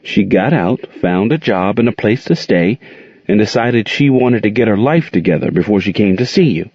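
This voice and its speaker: A patient older aunt who soothes her young nephew in a soft, gentle voice, as a man reads her part. The voice is low and husky. It comes through a dull, close-miked recording. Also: expressive, normal speed, dry recording. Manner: soft, soothing, calls him child.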